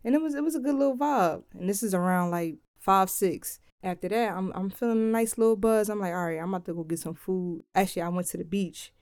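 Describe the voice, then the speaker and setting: A young woman from Philadelphia casually telling a travel story in a laid-back, slangy, animated way. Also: mid-range voice, quick pace, hardly any pauses, dry recording, studio quality.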